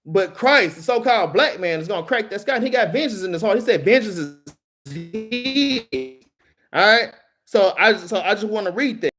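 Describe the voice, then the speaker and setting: Male preacher, Southern US accent, high-pitched, casual and punchy delivery. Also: expressive, moderate pace, fairly bright tone, soft background music. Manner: casual and emphatic, peppered with "man" and "all right?". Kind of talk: street-style scripture teaching.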